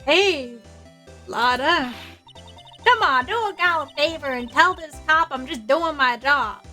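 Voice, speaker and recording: A brash, pushy journalist woman with a Southern US drawl, as a woman puts her on for a game read-aloud. The voice is high-pitched and bright. She talks at a slow, insistent pace. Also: expressive, faint music behind, heavily acted. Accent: Southern US (put on).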